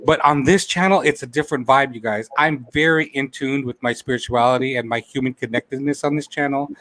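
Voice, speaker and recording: A man's voice: medium pitch, a little fast, a bit bright, no room sound. A man hosting a live talk show, speaking with heartfelt emotion and saying he is close to tears. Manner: heartfelt, repeats phrases, says he is near tears. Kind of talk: emotional live-stream chat.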